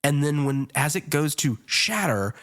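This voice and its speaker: A man's voice: fairly high pitch, animated, a little slow, fairly bright tone. A man who is a podcast guest, chatting casually about a film, offering laid-back remarks and short agreements.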